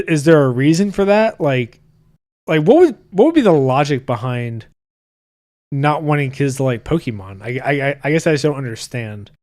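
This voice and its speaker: His voice is fairly high and a little mellow. He's a man in his thirties hosting a podcast, chatting casually and reading out viewer comments in a loose, profane style with frequent restarts.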